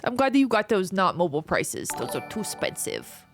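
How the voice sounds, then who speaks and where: Chatty woman streamer, lively pitch. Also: faint music behind. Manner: chatty, reads out and thanks chat, animated, drawn-out exclamations. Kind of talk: casual chat with stream chat.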